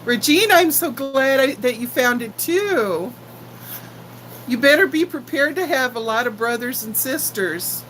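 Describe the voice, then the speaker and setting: An older woman in her sixties hosts a relaxed live stream, greeting her viewers by name with affection. Her voice sits a little high, and she talks at an unhurried, slow pace. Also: a little hiss or hum, rough recording. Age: 60s. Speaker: channel host chatting with live viewers. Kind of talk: casual live-stream chat.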